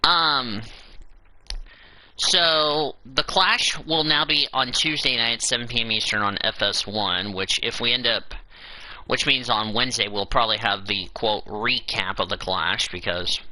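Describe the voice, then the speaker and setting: A man's voice: mid-range voice, unhurried, sharp tone, low-quality recording. A man hosting a casual show, reading through a schedule and breaking in with exasperated asides. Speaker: show host. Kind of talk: casual podcast commentary.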